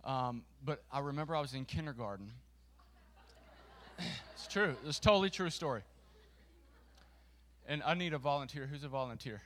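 A man preaching to a congregation, telling a funny story with a volunteer on stage, lively and self-mocking. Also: medium pitch. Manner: lively and self-mocking, with quick restarts and laughter.

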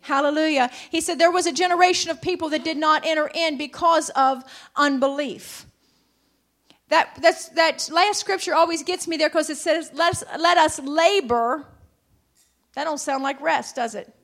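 A woman preaching a sermon. Her voice sits very high, and she swells from conversational asides into fervent, shouted declarations punctuated by hallelujahs. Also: moderate pace. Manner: rising to shouted fervor, calls of hallelujah.

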